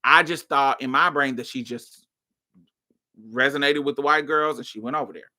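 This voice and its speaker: A woman's voice: very deep voice, moderate pace, bright, forceful tone. A woman hosting her podcast, telling a personal story in a casual, blunt and profane way that flares into heated outbursts. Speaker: podcast host.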